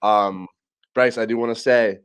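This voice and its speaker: A young man as guest co-host on a casual chat show, rambling through animated stories. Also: fairly low pitch, measured pace, smooth. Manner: rambling storyteller, animated quoting.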